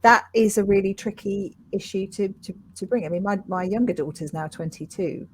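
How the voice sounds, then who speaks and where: A woman's voice: medium pitch, fairly even intonation, normal speed, a little hiss or hum. A woman in her fifties hosting an interview, talking in a thoughtful, reflective way and often agreeing with her guest. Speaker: interview host. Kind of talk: casual interview chat.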